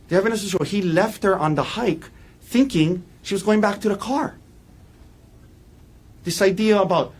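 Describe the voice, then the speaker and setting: A man giving a defense opening statement in a courtroom, walking the jury through events in an earnest, halting way with frequent restarts. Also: high voice, animated, breathy edge. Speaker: defense attorney.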